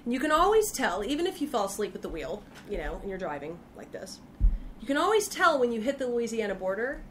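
A woman's voice: fairly high pitch, very animated, fast, a bit bright, a little hiss or hum. A woman from Texas with a Texan accent, the guest, chatting casually and joking with asides as she tells stories. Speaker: guest, freelance writer. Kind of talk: casual conversation.

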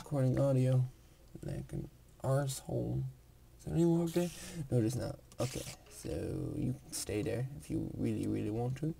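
A young man giving casual let's play commentary while gaming, excitable, swearing and gasping. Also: medium pitch, gravelly, slight background noise. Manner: excitable, swears, gasps and sings jokingly. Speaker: gamer.

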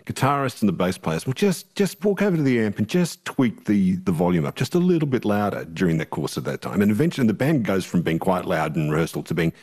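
A man with a deep baritone voice, hosting an interview in a lively, enthusiastic way. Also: fast, few pauses. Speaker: radio host. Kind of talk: interview conversation.

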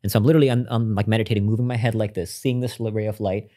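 A man's voice: on the low side, fairly even intonation, racing, mellow. A man speaking as a podcast guest, telling a personal story in an earnest, reflective way with frequent restarts.

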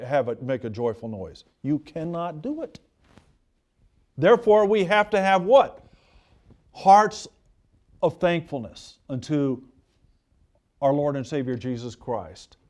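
A man's voice: mid-range voice, lively intonation, measured pace, pauses often, darkish tone. A male pastor delivering a sermon in a fervent, conversational way, repeating key points for emphasis.

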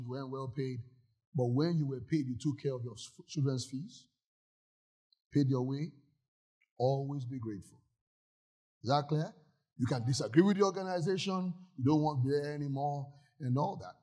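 A man's voice: medium pitch, warm tone, breathy edge. A male pastor preaching a sermon in a church, emphatic and often asking the congregation if they follow.

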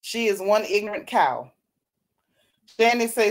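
Animated woman chatting with fans. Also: a little high, slow, long pauses. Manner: animated, laughing, Southern-style slang. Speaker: host. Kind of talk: casual chat reading a live chat.

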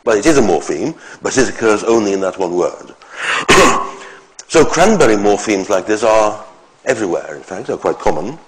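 A man giving an academic lecture, explaining step by step in short phrases with pauses. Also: on the low side, animated, a little hiss or hum, low-quality recording.

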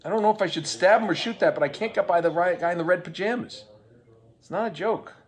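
A man casually bantering while playing an old video game, self-mocking and breaking into excited outbursts. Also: high-pitched, fast talker. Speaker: game show co-host. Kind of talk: casual let's-play banter.

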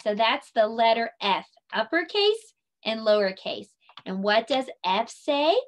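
A woman leading a children's circle time lesson, speaking in a slow, sing-song, encouraging way and stretching her words out. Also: on the high side, animated. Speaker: preschool teacher.

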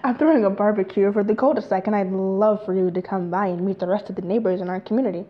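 A woman's voice: mid-range voice, steady tone, fast, lo-fi sound, a little hiss or hum, close to an everyday voice. A woman voicing a cheerful, overly friendly clean-cut dad who lives next door. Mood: chipper. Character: cheerful clean-cut dad neighbor, male, middle-aged.

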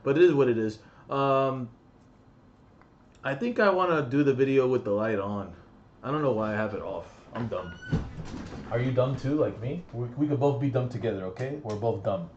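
A man's voice: medium pitch, moderate pace, a little mellow, lo-fi sound, a little hiss or hum. A young man ranting brashly in a comedic gaming vlog from his bedroom, crude and mocking, swearing constantly. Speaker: gaming vlogger.

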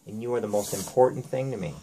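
A man's voice: on the low side, quick pace, mellow, a little hiss or hum, poor audio. Firm, earnest father lecturing. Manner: firm, lecturing, repeats "okay?". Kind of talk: earnest talk with his young daughter.

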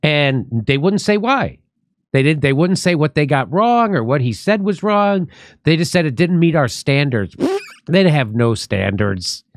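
Guy host ranting sarcastic on a talk show, slightly high voice, dry sound. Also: lively intonation, unhurried, no echo. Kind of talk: comedic political commentary.

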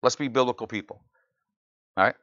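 A pastor preaching a sermon in church, often asking the congregation "right?" and building to loud, incredulous exclamations. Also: male voice, medium pitch, fairly quick, dry recording, lo-fi sound. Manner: animated preaching, frequent "right?" asides to the congregation.

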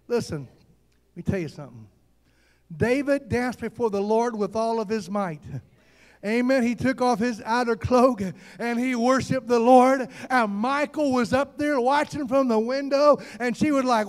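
A man preaching a fervent sermon, calling out to the congregation and often shouting. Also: very high-pitched, normal speed. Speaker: pastor.

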